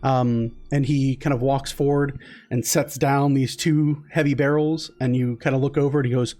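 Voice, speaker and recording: A man narrating as game master in a tabletop game, with relaxed narration full of fillers. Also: medium pitch, normal speed, faint music behind.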